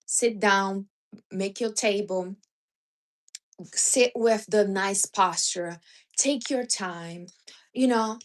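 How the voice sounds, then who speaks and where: A woman's voice: mid-range voice, very slow, long pauses. Blunt, teasing woman hosting a livestream. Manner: blunt, teasing advice with non-native grammar. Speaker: livestream host. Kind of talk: casual livestream chat.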